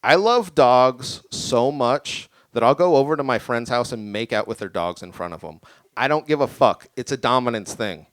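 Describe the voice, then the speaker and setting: A young man doing a stand-up set in a small venue, rambling and deadpan, a bit tipsy. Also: mid-range voice, moderate pace, no echo. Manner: deadpan, rambling, self-deprecating. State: tipsy from drinking. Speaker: stand-up comic. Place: small creative community venue with live audience.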